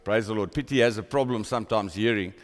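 Speaking fast in a fairly low voice, a pastor preaches to a congregation in a large church hall through a microphone on a stand. His praying and storytelling grow steadily more fervent.

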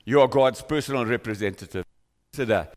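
With a medium-pitched, darkish voice and a fast delivery, a pastor prays and tells stories to his congregation with mounting fervor. He's speaking into a stand microphone in a church hall, where a long reverb tail follows his words.

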